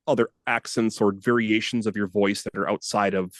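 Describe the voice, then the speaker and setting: A man's voice: lowish voice, fairly even intonation, moderate pace, dry recording, studio quality. A man from Minnesota, a student asking a question on a video call, casual with lots of fillers. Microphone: desk microphone.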